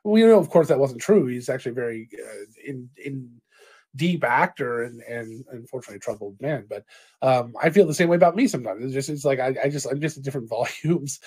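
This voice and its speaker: A man's voice: mid-range voice, animated, fast talker, a little mellow, breathy edge. A man co-hosting a casual tabletop gaming stream, rambling and self-deprecating. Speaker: co-host, dungeon master. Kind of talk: casual chat.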